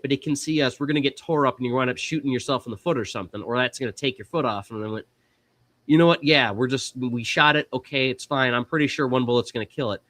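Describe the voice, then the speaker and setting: A man hosting a podcast, telling a story in a casual, animated way and acting out the other people's lines. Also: mid-range voice, no room sound. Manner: animated, acts out quoted voices. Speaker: podcast host.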